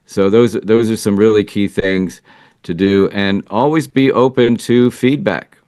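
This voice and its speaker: A man with a fairly low-pitched voice talks as a relationship coach for men. He gives interview answers in an earnest, reflective way and seems to work his thoughts out as he speaks. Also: unhurried, a little mellow, no room sound, clean studio sound. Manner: earnest and reflective, thinking aloud. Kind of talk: interview answers, casual advice.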